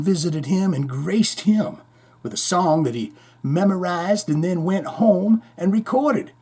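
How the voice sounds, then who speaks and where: A man's voice: sits high, measured pace, warm tone, husky. A man hosting a heavy metal news podcast, rambling through the stories with irreverent, profane asides. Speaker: podcast host.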